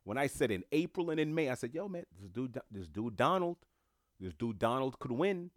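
A man's voice: medium pitch, expressive, brisk, no echo, clean studio sound. A man giving an impassioned casual monologue to viewers, emphatic, repeating phrases with slangy asides. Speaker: commentator speaking to viewers.

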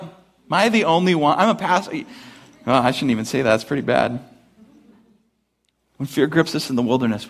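A pastor preaching a sermon in a conversational, storytelling way, with many asides, and rising high and loud for emphasis. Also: male voice.

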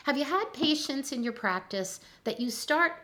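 An older woman, a chiropractor, talking in a relaxed interview and telling stories with lively acted-out voices. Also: high voice, moderate pace. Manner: animated storyteller, acts out voices in anecdotes. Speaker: chiropractor guest. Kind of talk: conversational interview.

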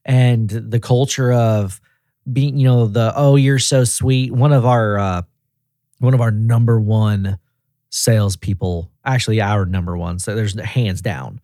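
A man from Tennessee, a guest in a casual interview, telling lively stories and acting out the people he quotes. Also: fairly low pitch, unhurried, dry recording, studio quality. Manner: lively storyteller who acts out quoted people. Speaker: regional director, guest.

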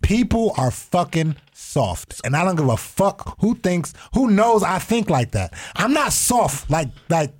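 A man's voice: high voice, big pitch swings, measured pace, hardly any pauses. A man, a comedian, talking emphatically and insistently in casual podcast banter. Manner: emphatic, talks over others.

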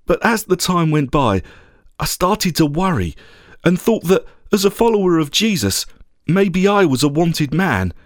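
A man telling a story in the first person, somber and reflective, often dropping low and quiet. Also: sing-song, a little slow, no room sound, clean studio sound.

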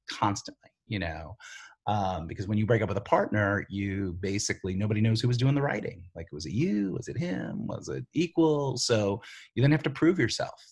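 Man, middle-aged, from the Bronx, husky, somewhat low voice, loose rambling interview talk. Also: fairly bright tone. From the Bronx, New York. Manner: loose, rambling, full of "you know" and "like". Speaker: screenwriter guest. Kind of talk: casual interview storytelling.

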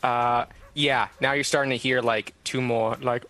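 A man's voice: mid-range voice, fairly even intonation, unhurried, bright, forceful tone. A man running a tabletop game as game master, narrating loosely with many fillers. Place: studio.

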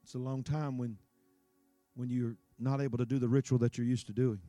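A man preaching a sermon, animated and emphatic, swinging between loud peaks and quiet asides. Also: medium pitch, a little fast, no echo, soft background music.

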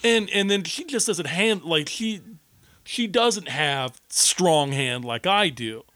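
A man's voice: high voice, lively intonation, slow, sharp tone, dry recording. A man in casual chat, talking emphatically with heavy swearing and frequent "dude.". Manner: profane, emphatic, says "dude" a lot.

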